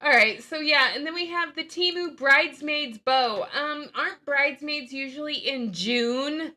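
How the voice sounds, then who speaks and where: A woman with a high voice speaks a little slowly. She's a channel host doing casual commentary chat, reacting to videos and telling stories. Her manner is sarcastic, and she's an animated storyteller.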